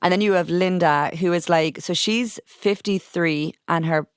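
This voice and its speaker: A woman hosting a podcast in casual chat, talking in a chatty, animated way with lots of fillers. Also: on the low side, measured pace, smooth, no room sound, studio quality. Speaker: podcast host.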